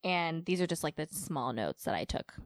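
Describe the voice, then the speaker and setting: Podcast co-host, woman, 30s, lower voice, rambling casual delivery, dry close mic. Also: big pitch swings, moderate pace, no room sound. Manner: chatty, filler-heavy, with frequent likes and ums. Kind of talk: casual chat.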